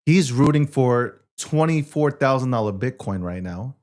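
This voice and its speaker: Male host, lively pitch, crude teasing, loud bursts. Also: moderate pace. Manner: joking, crude ribbing, rising to shouts. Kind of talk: casual show banter.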